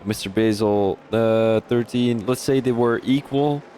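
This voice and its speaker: A man giving live-stream commentary on a sim racing league, excitable, jumping up at overtakes, with many restarts. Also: mid-range voice, measured pace, slight background noise.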